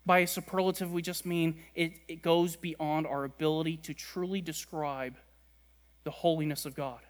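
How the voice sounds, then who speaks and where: A man preaching a sermon, stressing words by repeating them and letting key lines fall quiet and low. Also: fairly even intonation, moderate pace. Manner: emphatic, repeats words for stress, drops soft at ends. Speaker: pastor.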